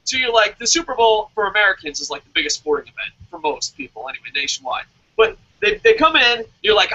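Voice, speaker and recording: Man, high sharp voice, swears and rants hard on a podcast; muffled lo-fi sound. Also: brisk. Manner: profane, ranting, animated. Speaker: wrestling show co-host. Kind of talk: casual podcast chat. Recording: dull lo-fi podcast audio.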